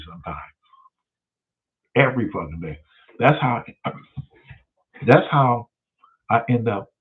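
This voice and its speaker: A man's voice: on the low side, slightly rough. A man, hosting and telling a story casually, profane and emphatic. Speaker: host. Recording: tinny phone-like sound.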